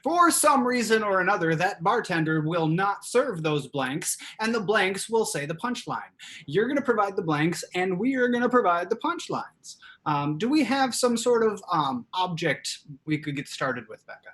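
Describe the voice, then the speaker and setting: Improv host guy, high bright voice, laughs a lot on a video call. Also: very animated, moderate pace. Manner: explains game rules, laughs often. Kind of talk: live improv hosting.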